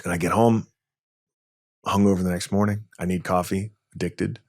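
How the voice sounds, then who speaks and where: A man in his forties from New York, a tech entrepreneur guest telling lively stories in a podcast interview. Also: low-pitched, moderate pace. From New York, USA. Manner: lively anecdotal storytelling, acts out dialogue.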